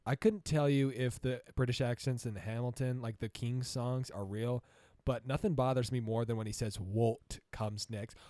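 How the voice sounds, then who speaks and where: A man's voice: medium pitch, fairly even intonation, normal speed, dark tone, no echo, clean studio sound. A middle-aged man co-hosting a podcast, chatting casually and joking, laughing often and slipping into silly voices. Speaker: podcast co-host. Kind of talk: casual comedic chat.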